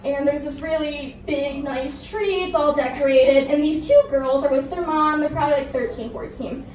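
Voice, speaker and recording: High-voiced young woman doing stand-up. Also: normal speed, a little mellow. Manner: chatty, self-deprecating, laughs through lines. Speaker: stand-up comedian. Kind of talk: stand-up comedy set. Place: performance venue with audience. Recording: echoey room from far off.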